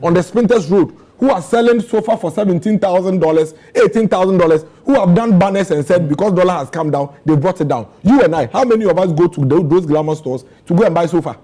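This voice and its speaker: A Ghanaian man with a Ghanaian accent pleads and argues in a heated political panel debate. His voice sits high and comes out husky. He hammers home points with repeated questions. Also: quick pace, few pauses, dark tone. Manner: impassioned, rising to pleading outrage.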